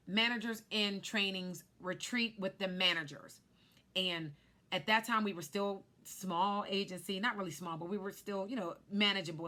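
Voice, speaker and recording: A woman in her thirties tells a personal story on a vlog, animated and lively, acting out what people said. Her voice is bright and forward, with a clear, ringing edge. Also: medium pitch. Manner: animated storyteller who acts out quotes. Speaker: life insurance agent.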